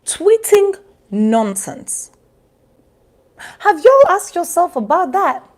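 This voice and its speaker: A young Ugandan woman with a Ugandan accent giving sarcastic, animated commentary, switching languages mid-sentence. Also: very high-pitched, takes it slowly. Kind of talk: casual commentary monologue.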